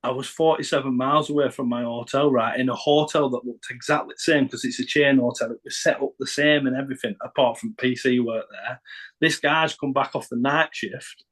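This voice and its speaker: A man's voice: mid-range voice, steady tone, brisk, a bit bright, slightly rough, low-quality recording. A middle-aged man with a Northern English accent telling a rambling, sweary story as a podcast guest. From Northern England. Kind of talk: casual anecdote telling.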